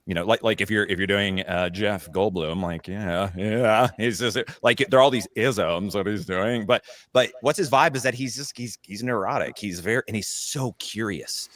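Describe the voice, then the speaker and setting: A man's voice: on the low side, moderate pace, few pauses, fairly bright tone, no room sound. A man, a voice actor, chatting casually on a panel and rambling with many fillers and restarts.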